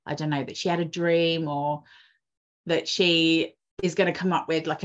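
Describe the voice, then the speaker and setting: Rambling woman telling an emotional story. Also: mid-range voice. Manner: emotional, rambling with many restarts. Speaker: podcast guest, twin mum and doula. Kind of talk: casual conversational storytelling. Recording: dull lo-fi audio.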